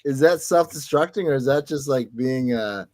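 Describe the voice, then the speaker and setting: A man's voice: medium pitch, normal speed, darkish tone, dry recording. A man co-hosting a casual comedy podcast, jokey and playful. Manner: jokey, playful, prone to bursts of silly voices. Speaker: podcast co-host.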